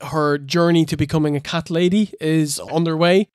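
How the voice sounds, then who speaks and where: A man's voice: on the high side, fairly even intonation, moderate pace, no echo. Blunt, sweary male co-host, casual, dry recording. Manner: blunt, swears freely, laughs often. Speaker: podcast co-host. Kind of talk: casual wrestling review chat.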